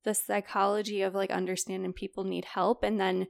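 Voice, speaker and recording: A woman's voice: mid-range voice, flat delivery, brisk, creaky, no room sound. A young woman co-hosting a podcast, chatting casually and retelling stories with quoted dialogue and lots of "like" fillers. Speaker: podcast co-host presenting a report. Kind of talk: casual chat.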